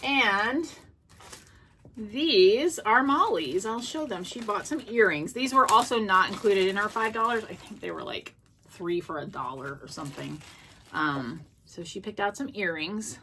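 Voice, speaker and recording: A woman's voice: mid-range voice, animated, a little slow, bright, forceful tone, slight background noise. A woman casually showing off her thrift finds, chatty and gushing, with many ums and restarts. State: out of breath. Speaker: thrift vlogger. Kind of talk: casual show-and-tell chat. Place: home.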